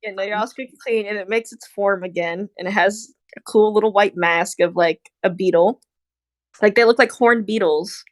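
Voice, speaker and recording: A woman's voice: mid-range voice, fairly even intonation, normal speed, no echo, studio quality. A young adult woman narrating a tabletop game as dungeon master, giggling between lines.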